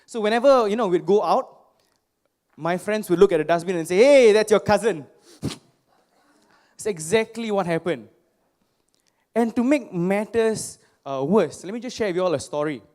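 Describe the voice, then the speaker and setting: High-voiced man telling stories on stage. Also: lively intonation, normal speed, a little mellow. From Singapore. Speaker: motivational speaker. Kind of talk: personal storytelling speech to a live audience. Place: stage before a live audience.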